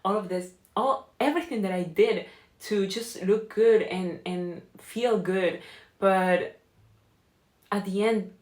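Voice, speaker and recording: A woman's voice: mid-range voice, slow pace, darkish tone. A young woman sharing a heartfelt, emotional faith testimony in a vlog, earnest and often close to tears. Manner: earnest with frequent "you know?". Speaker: faith vlogger and life coach. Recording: echoey room.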